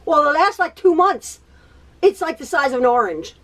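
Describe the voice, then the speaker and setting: A woman's voice: sits high, very animated, normal speed, fairly bright tone. A woman hosting a quilting video from her home sewing room, chatting in a rambling way, often laughing, repeating herself and stuttering. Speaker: quilting tutorial host. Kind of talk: chatty personal catch-up.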